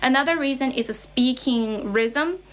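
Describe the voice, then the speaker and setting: A woman's voice: high-pitched, moderate pace. Woman from China teaching English. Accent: Chinese. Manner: switches between English and Mandarin, explaining and repeating. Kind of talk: livestreamed English lesson.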